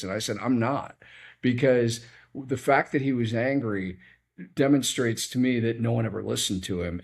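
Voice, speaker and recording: A man hosting an interview, responding thoughtfully and adding his own example. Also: medium pitch. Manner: reflective, builds on the guest's stories with his own example. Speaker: interview host. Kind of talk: casual interview.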